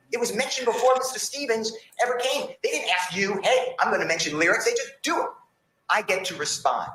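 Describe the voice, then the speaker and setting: A man's voice: very high-pitched, fairly bright tone, echoey room, a little hiss or hum, rough recording. A man arguing as defense attorney before a judge, impassioned and insistent, pleading his point in a courtroom. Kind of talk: courtroom argument.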